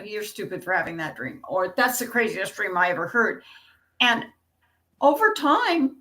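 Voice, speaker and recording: Slow, earnest, bright-voiced woman. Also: high-pitched. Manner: earnest, deliberate, affirming. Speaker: discussion guest. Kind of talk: casual group discussion.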